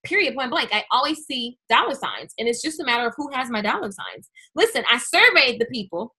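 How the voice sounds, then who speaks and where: A woman hosting a business webinar, speaking in an energetic, chatty way straight to her viewers. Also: high-pitched, fairly quick, slightly rough. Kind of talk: live webinar talk.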